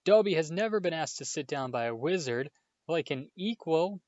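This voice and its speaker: A man voicing a small, excitable, servile male house elf with a high-pitched, tearful, overly humble manner. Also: fairly quick, dry recording, lightly acted. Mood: wailing. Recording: dull, dry home recording.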